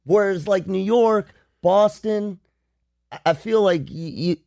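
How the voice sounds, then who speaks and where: A man's voice: sits high, takes it slowly, gravelly, a little mellow, dry recording, studio quality. A man appearing as a guest on a radio talk show, thinking aloud playfully with frequent restarts. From not from the South. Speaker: guest psychologist.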